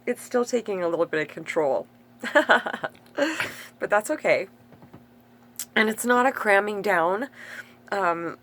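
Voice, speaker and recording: A woman's voice: medium pitch, a bit bright. A woman acting as a spiritual teacher, talking in a meandering, self-interrupting way in a casual spiritual monologue with open emotion.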